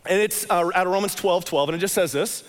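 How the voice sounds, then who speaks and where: A man's voice: high-pitched, fast talker, long reverb tail. A man preaching a sermon, talking casually and with emphasis and repeating his phrases. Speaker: pastor.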